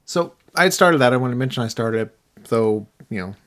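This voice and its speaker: A podcast co-host in casual chat, easygoing and quick to laugh along. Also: mid-range voice, expressive.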